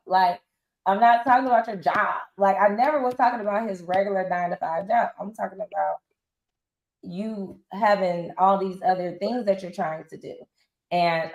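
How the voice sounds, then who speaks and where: This is a fairly low-pitched woman's voice in a reverberant, lo-fi recording. In her forties, she's a reality show guest sharing her story candidly, bluntly, and casually, with plenty of slang. She gets animated and voices other people's lines as quotes.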